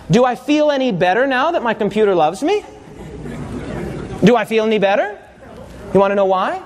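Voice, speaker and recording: Preacher, male, very high voice, lively storytelling sermon, faint hiss behind. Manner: animated storytelling with audience call-and-response.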